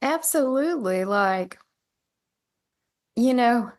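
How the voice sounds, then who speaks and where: A woman from West Tennessee with a Southern twang, a musician telling stories in a relaxed interview chat, often quoting others in animated voices. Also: fairly high pitch, slow pace. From West Tennessee, USA. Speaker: guest musician.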